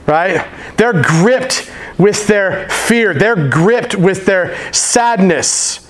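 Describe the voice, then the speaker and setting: A male pastor delivering a sermon in a loose, slangy voice that sits a little high. He tells his stories with animated energy and talks to the crowd like friends. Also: drawn-out words. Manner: casual, slangy, animated storytelling.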